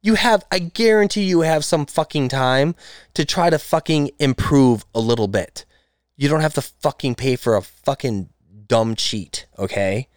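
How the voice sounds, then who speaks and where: A man's voice: medium pitch, a little slow, no room sound, studio quality. A young man hosting a casual gaming podcast, ranting emphatically and swearing a lot. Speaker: podcast host.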